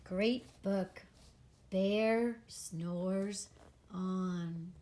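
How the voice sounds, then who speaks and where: A woman's voice: mid-range voice, extremely slow, mellow, slight background noise. A woman teacher reading a picture book aloud to kindergarten children. She reads expressively and stops to ask them questions.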